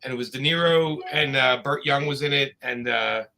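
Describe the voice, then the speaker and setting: A man's voice: mid-range voice, normal speed, gravelly, bright, forceful tone. A man telling long, rambling anecdotes in a casual chat, full of fillers and restarts. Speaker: comics creator telling stories.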